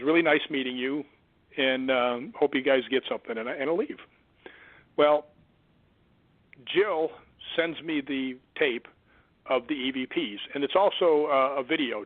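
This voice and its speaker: A man, a stuntman guest on an interview show, telling an eerie story in an animated way and acting out the voices of the people he quotes. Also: mid-range voice, no echo. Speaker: guest, stuntman and ghost hunter. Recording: tinny phone line.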